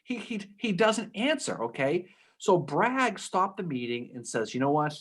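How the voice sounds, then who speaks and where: A man co-hosting a casual history podcast, telling the story with lively acted-out quotes and frequent "okay?" asides. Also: sits high, a little slow, husky. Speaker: podcast co-host.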